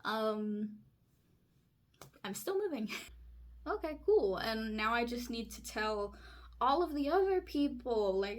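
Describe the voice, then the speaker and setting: A young woman from California telling a personal story in an excitable, chatty way, full of fillers. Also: a little high, slow pace, pauses often. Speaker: vlogger. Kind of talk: casual chat.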